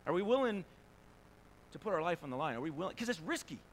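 A man's voice: on the high side, sing-song, quick pace. A man preaching a sermon in a conversational way, asking rhetorical questions and acting out quotes. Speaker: pastor.

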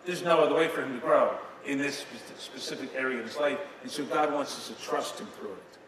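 A man preaching a sermon, retelling scenes dramatically, with sudden swings between loud and soft. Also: medium pitch, a little fast, a little hiss or hum. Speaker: pastor. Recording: echoey hall from a distance, faint ambience.

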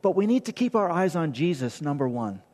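A man's voice: fairly high pitch, sing-song, a little fast, a little mellow. A man preaching as pastor, earnest and conversational, often checking in with "right?" before leading a closing prayer. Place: church sanctuary. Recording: long hall reverb.

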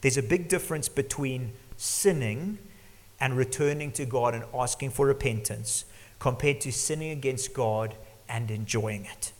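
A middle-aged male pastor preaching an earnest sermon, sometimes dropping to a hush for emphasis. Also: medium pitch, measured pace. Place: church hall. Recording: long church reverb.

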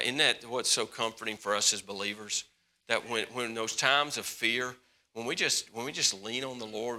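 A man preaching a sermon as pastor, telling stories with dramatic swings between loud bursts and hushed moments, often repeating words and restarting sentences. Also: medium pitch.

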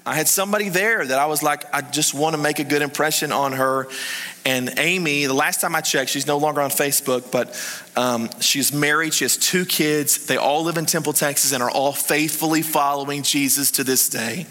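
A man preaching a sermon, telling a story in an animated way that swings between hushed and excited. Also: a little high, a little fast. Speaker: pastor. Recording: reverberant hall.

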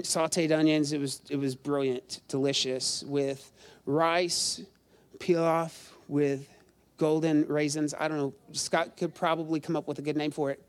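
Middle-aged male pastor, high voice, chatty sermon, jokes at his own expense. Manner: chatty, self-deprecating storytelling with crowd questions.

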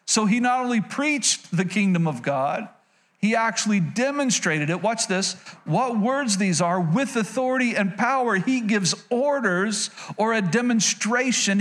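A man with a notably high voice preaches to his congregation with real energy. He reads scripture, then slips into playful asides and calls out for an amen. The sound has the feel of a church service. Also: expressive, measured pace, a bit bright. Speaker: pastor. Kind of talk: sermon.

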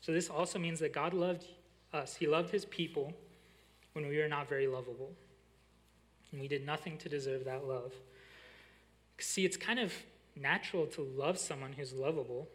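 Young pastor telling a lively story. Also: male voice, on the high side. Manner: lively storytelling, slows and softens on key lines. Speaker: college pastor. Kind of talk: sermon with a personal story.

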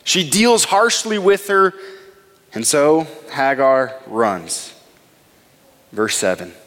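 A male pastor delivering a sermon, retelling a scripture story and reading verses aloud with dramatic pauses. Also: mid-range voice, sing-song, fairly bright tone, long reverb tail.

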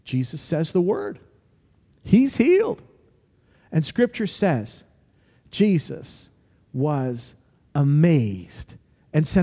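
A man preaching a sermon as pastor, lively and acting out the voices he quotes. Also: on the high side, drawn-out words, pauses often, in a large hall. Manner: animated, acts out quoted voices.

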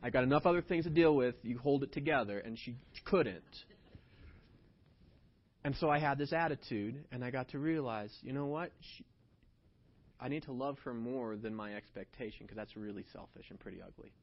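A man preaching a sermon, telling a personal story in an animated way that swings between hushed and loud. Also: mid-range voice, normal speed. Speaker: pastor. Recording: dull lo-fi sound.

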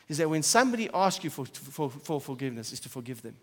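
A high-voiced pastor preaching his sermon, his voice rising to loud emphasis and then dropping to soft, quiet asides. The sound rings out with the long reverb of a church hall. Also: big pitch swings, fast, few pauses.

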